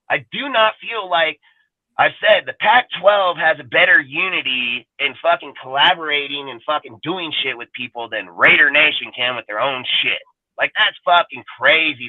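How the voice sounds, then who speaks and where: A man hosting a fan talk show, ranting heatedly with constant profanity and repetition, his voice jumping loud and high when angry. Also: no echo. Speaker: show host. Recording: tinny phone-like line, dry.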